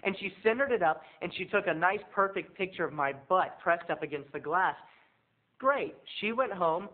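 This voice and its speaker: Animated man telling a funny story. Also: high voice, normal speed. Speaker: video blogger. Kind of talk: comic storytelling to viewers. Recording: tinny phone-like sound.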